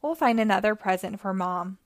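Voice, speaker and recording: A woman voicing Jenny, an eager, kind young girl mouse with a squeaky voice. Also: brisk, natural voice.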